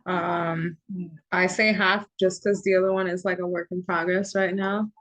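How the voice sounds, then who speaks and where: A woman's voice: lowish voice, flat delivery, moderate pace, fairly bright tone, rough recording. A woman poet casually introducing her set at an online open mic, in a hesitant way with fillers. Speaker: performing poet. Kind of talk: casual chat. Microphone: video call.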